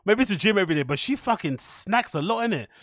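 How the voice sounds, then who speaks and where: Man, podcast host, higher voice, dry close sound, swearing mockery. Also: quick pace, no room sound. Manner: profane, mocking, animated. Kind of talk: rambling casual commentary.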